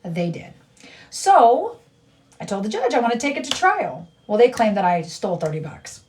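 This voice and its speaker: A woman's voice: medium pitch, big pitch swings, moderate pace, a little mellow, recorded from a distance, slight background noise. A middle-aged woman livestreaming, chatting casually in a blunt, rambling way and repeating herself.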